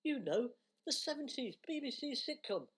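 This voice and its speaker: A woman's voice: sits high, lively intonation, moderate pace, husky. A British woman playing the teasing wife of a hotel owner in a comic radio sketch. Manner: teasing, dry, amused.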